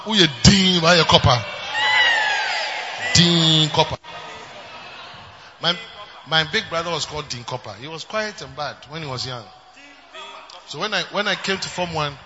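A man preaching a sermon, moving between loud shouting and quieter storytelling. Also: fairly high pitch, big-room sound, background noise. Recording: dull lo-fi recording.

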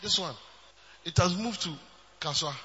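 A man preaching a sermon, moving between loud shouting and quieter storytelling. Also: high voice, normal speed, in a large hall, heavy background noise. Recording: dull lo-fi recording.

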